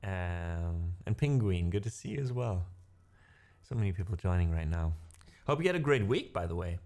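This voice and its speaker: Rambling male music streamer, lowish voice. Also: expressive, normal speed, darkish tone. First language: not English. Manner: rambling, self-correcting, laughs often. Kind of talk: casual livestream chat.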